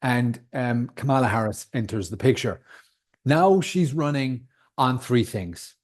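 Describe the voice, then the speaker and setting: A man in his thirties from outside the United States hosts a solo podcast, delivering a heated, emphatic rant packed with swearing. His voice sits at medium pitch, expressive and a little slow.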